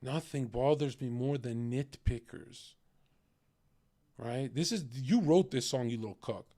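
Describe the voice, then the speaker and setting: A man's voice: medium pitch, unhurried, dark tone, dry recording. A man hosting a livestream, talking casually, swearing a lot and taunting his chat. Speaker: livestream host.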